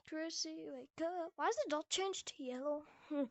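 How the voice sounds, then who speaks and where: A woman's voice: sits high, moderate pace, hardly any pauses, no room sound, lo-fi sound. A woman chatting playfully and goofing around while recording casual commentary over a VR game. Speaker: gameplay video maker.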